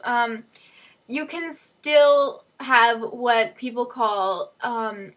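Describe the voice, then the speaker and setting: A young woman chats casually to camera as a fan vlogger, her voice sitting a bit high. She rambles, trips over words and restarts her sentences as she goes. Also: steady tone, slow pace, fairly bright tone. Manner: rambling, with many fillers and restarts. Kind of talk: casual chat.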